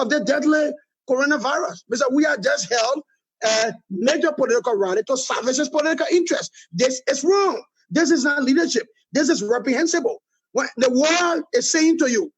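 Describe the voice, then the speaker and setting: A man's voice: very high voice, husky, rough recording. A middle-aged man with a Liberian accent, answering interview questions with emphatic political criticism, hammering points by repeating them. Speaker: political movement leader, guest.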